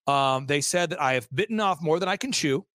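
High-voiced man telling a lively story. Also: brisk, no room sound, clean studio sound. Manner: animated, acts out quoted voices, frequent restarts. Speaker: interview guest, event organizer. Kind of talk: fast storytelling anecdote.

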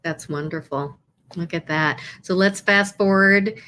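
Woman host, lowish voice, encouraging, faint hiss in the background. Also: unhurried. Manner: warm, encouraging listener with short affirmations. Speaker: interview host. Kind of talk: casual interview.

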